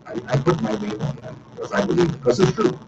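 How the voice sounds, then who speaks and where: A man's voice: on the low side, level tone, fast talker, far from the mic, lo-fi sound, noisy background. A middle-aged man, hosting a casual call-in radio talk show with a folksy, repetitive, storytelling manner.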